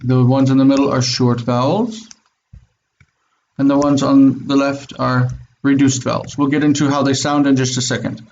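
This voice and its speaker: A man's voice: mid-range voice, little pitch movement, normal speed, a little mellow, highs cut off. A man teaching Biblical Hebrew in an online class, explaining step by step and checking in with his students. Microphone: video call.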